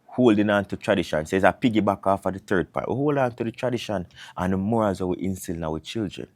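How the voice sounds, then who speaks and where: A man from Jamaica with a Jamaican accent, giving opinionated commentary to camera, swinging between loud emphasis and low asides. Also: fast, no room sound. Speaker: vlogger.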